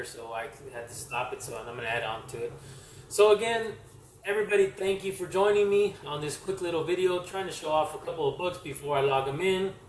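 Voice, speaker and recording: A comic-collecting vlogger rambles through a casual show-and-tell, halting often with fillers and self-corrections. His somewhat high voice comes from a distance off the mic, with the room echoing and a faint hiss underneath.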